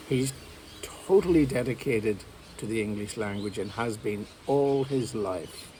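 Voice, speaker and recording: A man giving a video lesson on English, speaking in a slow, emphatic, explanatory way. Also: on the low side, dark tone, a little hiss or hum. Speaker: English teacher.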